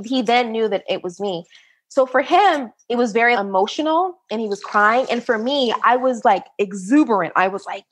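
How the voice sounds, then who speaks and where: Animated woman recounting her own story. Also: moderate pace. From United States. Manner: animated, acts out quoted voices at a higher pitch. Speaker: interview guest. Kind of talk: personal storytelling in an interview.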